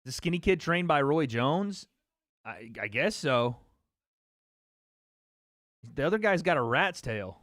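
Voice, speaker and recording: A man's voice: fairly high pitch, big pitch swings, takes it slowly, long pauses, fairly bright tone, no room sound, studio quality. A man hosting a casual livestream, chatting loosely with his viewers, joking and repeating himself. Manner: loose and chatty, talks straight to chat, jokes and repeats himself. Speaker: livestream host. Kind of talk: casual livestream chat reacting to fight chat.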